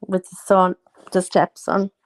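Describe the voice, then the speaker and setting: A woman's voice: fairly low pitch, completely flat delivery, a little slow, no echo. A woman chatting casually at home, rambling through stories with plenty of fillers. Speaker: host. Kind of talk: casual chat.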